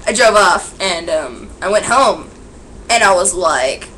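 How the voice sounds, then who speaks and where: A woman vlogger telling a rambling made-up story, acting out the quotes with loud outbursts. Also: on the low side, expressive, a little slow, slight background noise, low-quality recording.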